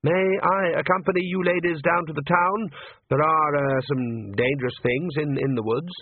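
A man's voice: on the high side, moderate pace, no echo, voice pushed up, natural voice. A man voicing a nervous, awkward young priest who stammers and fumbles for words. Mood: timid. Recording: tinny phone-like audiobook recording.

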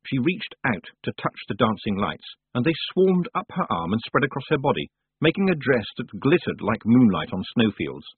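A man narrating a humorous fantasy novel in a wry, expressive storytelling manner. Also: medium pitch, normal speed, breathy edge, no echo. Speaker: audiobook narrator. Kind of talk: audiobook narration. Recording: dry, tinny phone-like sound.

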